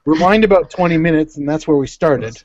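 A man co-hosting a casual podcast, trading jokey deadpan asides with his friends. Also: fairly high pitch, fairly quick, no echo, lo-fi sound. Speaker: podcast co-host.

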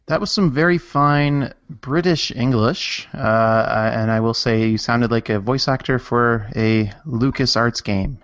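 A man on a casual podcast, joking in a deliberate way. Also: mid-range voice, fairly bright tone, clean tone, dry recording, highs cut off. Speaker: podcast guest.

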